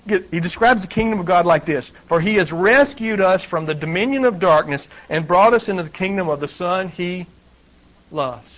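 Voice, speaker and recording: A man's voice: a little high, dull audio. A middle-aged man preaching a sermon, reading scripture aloud and adding wry asides with chuckles. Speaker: pastor. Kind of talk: sermon, Bible teaching.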